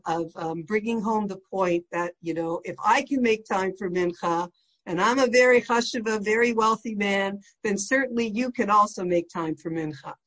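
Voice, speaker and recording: A middle-aged woman teaches a lesson on prayer in an easy, conversational way. She explains patiently and works Hebrew and Yiddish terms into her talk, with a voice of ordinary pitch for a woman. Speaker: Torah teacher.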